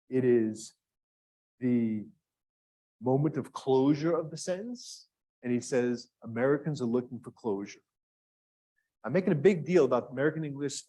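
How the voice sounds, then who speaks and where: Male workshop instructor, mid-pitched and engaging, quizzes his audience. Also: a little mellow. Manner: engaging, asks the audience questions. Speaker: grant writing workshop instructor. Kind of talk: live workshop lecture. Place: classroom with live and remote audience.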